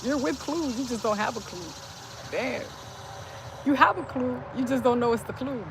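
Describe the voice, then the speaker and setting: Her voice is a little high and her speed is normal as she streams live from a phone outside by a street. The talk is casual and meandering, with "like" appearing constantly. There's loud outdoor traffic-type street noise throughout.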